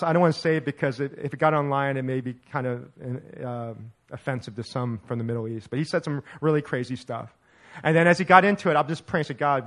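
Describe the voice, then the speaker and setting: A middle-aged male pastor telling a story in a sermon, animated and laughing as he acts out the dialogue. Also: fairly high pitch.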